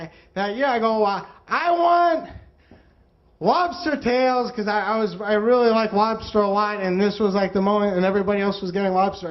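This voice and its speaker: A man in his thirties from the United States telling a personal story in an animated way, acting out the voices of the people in it. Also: high voice, dull audio. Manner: animated, acts out quoted voices. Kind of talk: storytelling monologue.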